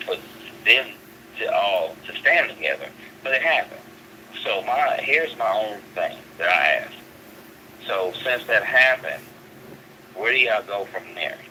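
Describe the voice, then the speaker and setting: Male guest caller, low voice, very bright tone, earnest, stumbles and restarts. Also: slight background noise, poor audio. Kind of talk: casual talk.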